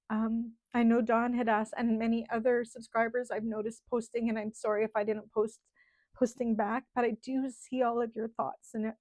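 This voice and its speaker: A middle-aged woman, a channel host in casual livestream chat, talking in a heartfelt, halting way with many ums while holding back tears. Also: fairly high pitch, a little mellow, dry recording. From Canada.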